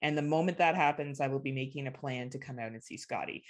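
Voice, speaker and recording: Woman, podcast co-host, teasing, animated, casual swearing. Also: extremely low pitch, fast. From Ontario, Canada. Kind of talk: casual chat.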